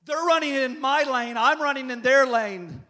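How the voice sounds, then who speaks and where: High-voiced impassioned preacher man, fifties. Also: moderate pace, sharp tone. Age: 50s. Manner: impassioned, repetitive preaching cadence. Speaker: pastor. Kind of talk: prophetic sermon.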